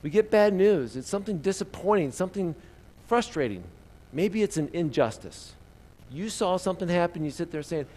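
A man preaching a sermon in a relaxed, conversational storytelling way, often asking his listeners questions. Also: high-pitched, normal speed.

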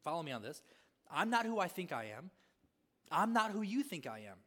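A man preaching a sermon as a pastor, repeating rhetorical questions and swinging between loud emphasis and hushed asides. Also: fairly high pitch, big pitch swings, fairly quick, long reverb tail.

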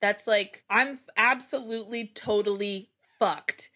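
A woman co-hosting a podcast, recapping a film in casual chat, animated and profane, acting out the characters' lines. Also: medium pitch, a little slow. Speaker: podcast co-host.

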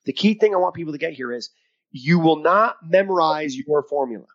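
A man's voice: fairly high pitch, a little fast. Male co-host, mental coach, emphatic and upbeat, lo-fi call recording. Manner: energetic, emphatic, coaching tone with quoted asides. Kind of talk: casual podcast chat.

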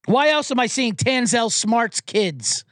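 A man's voice: very high voice, very animated, takes it slowly, fairly bright tone, no echo, clean studio sound. A man hosting a comedy sports podcast, ranting with profanity and getting fired up. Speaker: podcast host.

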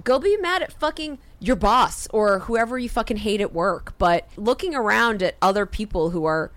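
A woman co-hosting a casual comedy podcast, ranting with lots of swearing and quick asides. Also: medium pitch, lively intonation, fairly bright tone, dry recording. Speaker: podcast co-host.

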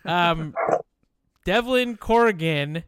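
A man hosting a podcast over a video call, chatting casually, swearing freely and halting with fillers. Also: high voice, lively intonation, heavy background noise. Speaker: podcast host.

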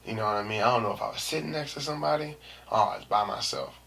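Young male vlogger with a gravelly, bright voice, animated storyteller who swings from whispers to shouts. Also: fairly low pitch, very fast. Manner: animated, slangy, swings between hushed asides and shouting. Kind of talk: casual storytelling to camera.

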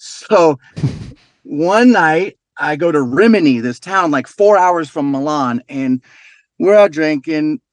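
Middle-aged guy rambling through wild stories, swears a lot, bit higher voice, dry close sound. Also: slow, dry recording. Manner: loose, swears freely, animated storyteller. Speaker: podcast guest. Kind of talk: casual storytelling chat.

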